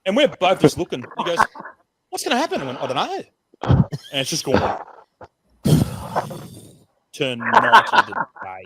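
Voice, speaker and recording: A man's voice: a little high, sing-song, moderate pace, pauses often, pushed and bright, slight background noise. Profane Australian man spinning a yarn. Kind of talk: casual storytelling.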